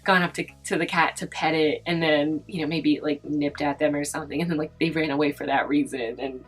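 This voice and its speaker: A young woman vlogger telling a story in casual chat while doing her makeup, talking fast with lots of "like" and acting out what people said. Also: sits low, steady tone, slightly rough, faint music behind, rough recording. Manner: chatty, fast, heavy use of "like", acts out quoted voices. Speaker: beauty vlogger.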